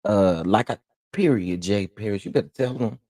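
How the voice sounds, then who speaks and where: A man from Texas with a Southern accent, hosting a casual morning livestream, chatting and reading viewer comments with lively, laughing exclamations. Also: moderate pace, no room sound, studio quality. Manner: animated, laughing, jumps into high exclamations. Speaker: livestream host.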